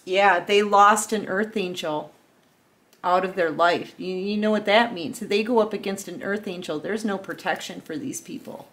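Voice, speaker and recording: A woman's voice: mid-range voice, moderate pace, fairly bright tone. A woman giving a casual collective tarot reading, speaking earnestly and directly to the viewer in a loose, chatty way. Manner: earnest, heartfelt, talks straight to the viewer. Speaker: tarot reader.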